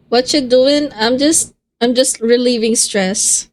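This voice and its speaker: A woman streamer chatting casually with her viewers on a live stream, swearing freely as she talks. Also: sits high.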